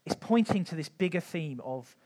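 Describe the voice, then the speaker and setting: Church teacher, male, higher-pitched, chatty and informal, lots of ums. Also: expressive, moderate pace, darkish tone. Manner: conversational, frequent ums, light humour. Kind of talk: informal Bible teaching talk.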